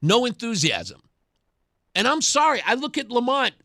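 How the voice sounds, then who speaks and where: A man's voice: extremely high pitch, huge pitch swings, moderate pace, pushed and bright, dry recording, clean studio sound. A man hosting a talk radio show, giving sarcastic political commentary and laughing often. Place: radio studio.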